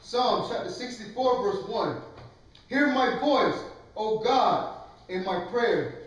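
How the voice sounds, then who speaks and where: A man reading scripture aloud, loud and slow, stumbling over some words. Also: high-pitched, expressive. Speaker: scripture reader. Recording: echoey room, mic far off.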